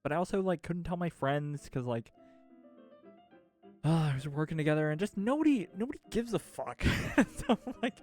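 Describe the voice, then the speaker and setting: Streamer, man, somewhat high voice, rambling and exasperated, swears freely, faint music underneath. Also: expressive, moderate pace, a little mellow. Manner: exasperated, swears a lot, laughs mid-sentence; rambling with restarts and filler. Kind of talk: casual ranting chat.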